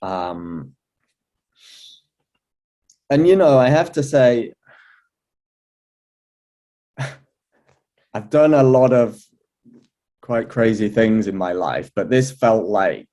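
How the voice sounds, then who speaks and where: A man, an astrology teacher, telling a personal story in a relaxed, chatty way, with many fillers, restarts and an occasional laugh. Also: fairly low pitch, very slow, long pauses. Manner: laughs now and then. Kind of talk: relaxed anecdotal talk.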